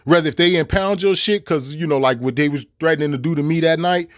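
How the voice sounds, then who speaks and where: A middle-aged man telling a long story to camera in a profane, animated rant, stammering through restarts. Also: a little high, quick pace, no room sound, clean studio sound. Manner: animated and swearing, with laughs and repeated stammered restarts. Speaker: vlogger. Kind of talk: profane ranting monologue.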